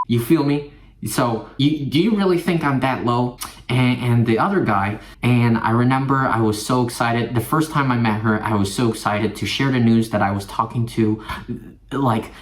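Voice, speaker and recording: A young man vents to camera in a mid-pitched voice. He stumbles through restarts and swears as he airs his grievances. The sound is a phone recording in a roomy, echoing space. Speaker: vlogger. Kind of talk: confessional rant to camera.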